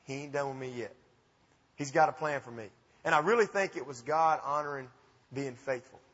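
Man, 50s, Alabama accent, bright tense tone, long hall echo, lively self-mocking storytelling. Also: mid-range voice, brisk, breathy edge. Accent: Southern US, Alabama. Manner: folksy, animated, self-mocking. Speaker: speaker. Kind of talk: storytelling talk to an audience. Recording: dull recording with long hall reverb.

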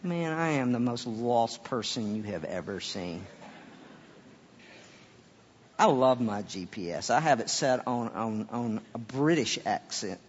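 A pastor preaching a sermon, swinging from loud emphatic peaks to quiet offhand asides and often repeating words. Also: male voice, mid-range voice, expressive, unhurried, hardly any pauses, a little hiss or hum. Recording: dull sound with long hall reverb.

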